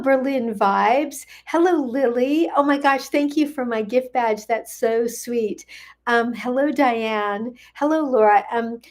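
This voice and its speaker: An older woman hosting a casual livestream as a gut health coach, chatty and friendly, greeting viewers by name with frequent ums. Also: medium pitch.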